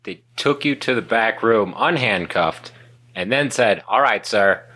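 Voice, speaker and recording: Teasing co-host, low bright voice, quick sarcastic asides, casual. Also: male voice, animated. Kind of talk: casual chat.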